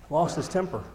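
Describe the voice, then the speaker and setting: A man with a warm voice on the high side preaches to his congregation, emphatic and self-deprecating, repeating key lines. He uses a handheld or stand microphone in a church sanctuary; the recording has long hall reverb and a little hiss or hum.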